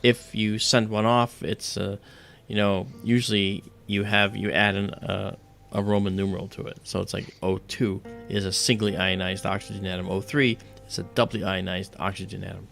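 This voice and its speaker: A man's voice: lowish voice, little pitch movement, normal speed, creaky, a bit bright, soft background music. A man hosting an astronomy livestream, explaining things step by step in a loose, casual way.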